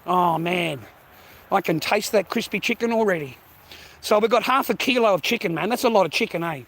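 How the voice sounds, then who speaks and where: High-pitched and brisk with a gravelly, fairly bright tone and lively intonation, this middle-aged Australian man is vlogging as he walks down a street, chatting, swearing, and calling his viewers mate and bro. He's out of breath from lugging a heavy bag, and faint traffic noise sits in the outdoor background.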